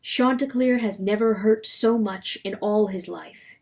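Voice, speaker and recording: Woman narrator, slow, measured, expressive, dramatic reading. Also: medium pitch.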